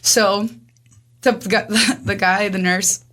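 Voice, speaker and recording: A young woman in her twenties tells her story in a casual, talkative way. She acts out each exchange with quick voices and keeps dropping in "like". Her voice sits at a middle pitch. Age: 20s. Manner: rapid, animated, acts out dialogue with frequent "like". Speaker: guest.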